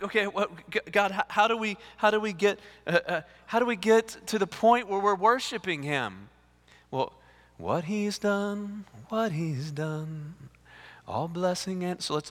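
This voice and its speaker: A male lead pastor, preaching a sermon in an animated way, repeating words and acting out dialogue. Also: a little high. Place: church sanctuary. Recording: reverberant church hall.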